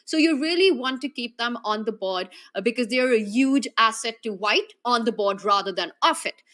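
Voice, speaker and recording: Young woman, chess commentator, bright higher voice, playful and analytical. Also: animated, normal speed.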